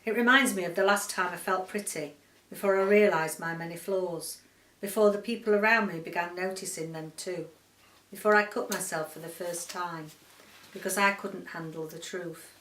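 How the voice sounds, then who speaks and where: A woman book vlogger from the UK reading a short story aloud in a quiet, measured, subdued way. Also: lowish voice, recorded from a distance, a little hiss or hum. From United Kingdom. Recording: roomy echo, voice set back from the mic.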